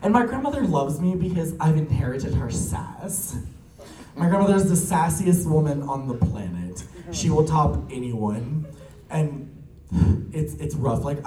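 A man's voice: on the high side, dark tone, far from the mic. A young man telling family stories in a casual, chatty way, laughing often and acting out quotes. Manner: chatty, laughing, full of likes and quick quoted asides. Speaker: drag performer. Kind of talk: casual storytelling. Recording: roomy echo from off-mic, faint ambience.

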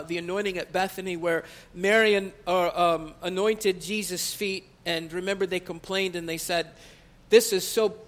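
A male pastor, praying and then preaching a sermon in a church, stretching key phrases as his intensity builds. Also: high voice. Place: church sanctuary.

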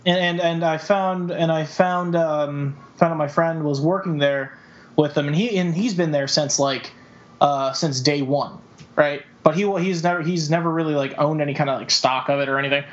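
A man chatting casually on a podcast, halting with many restarts. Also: on the high side, fairly even intonation. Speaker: podcast co-host. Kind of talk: casual chat. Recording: dull lo-fi podcast audio.

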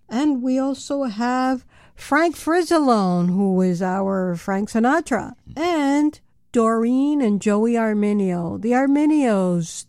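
A woman co-hosting a radio show, chatting casually with short, relaxed replies in a studio. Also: a little high, no echo. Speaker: radio co-host.

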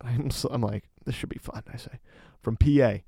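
A man's voice: medium pitch, normal speed, breathy edge, dry recording. Male podcast co-host, mid-range voice, chatty storyteller with heavy fillers, dry booth sound. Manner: animated storytelling, lots of "like" fillers. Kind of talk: casual storytelling chat.

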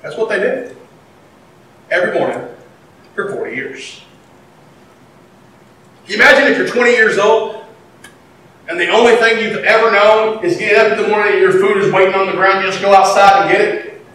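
A man preaching a sermon, animated, swinging between loud and quiet. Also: high voice, moderate pace, pauses often. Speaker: pastor. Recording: echoey hall, mic at a distance.

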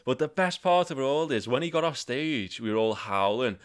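A man's voice: expressive, brisk, clear, resonant tone. A young man telling crude stories in casual chat, swearing freely. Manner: swears freely, laughs while telling stories, mimics voices in sudden high bursts.

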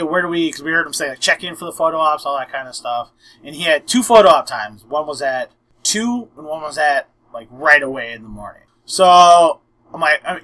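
On a rough recording, a young podcast host with a slightly high voice relays a long story. He's animated, acting out what people said and leaning heavily on "I'm like."

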